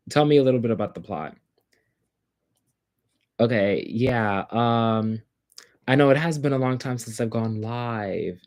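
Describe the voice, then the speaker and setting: A man's voice: mid-range voice, darkish tone. A man hosting a casual livestream, rambling and chatty, with lots of fillers. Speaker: livestream host.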